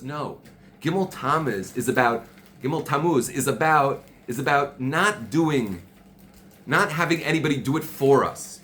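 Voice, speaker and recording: A man's voice: on the high side, animated, measured pace, a bit bright. Passionate man raising his voice. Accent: Jewish Orthodox Hebrew and Yiddish terms. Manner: passionate, raises his voice, repeats himself. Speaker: podcast host. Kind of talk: casual chat. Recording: faint background noise.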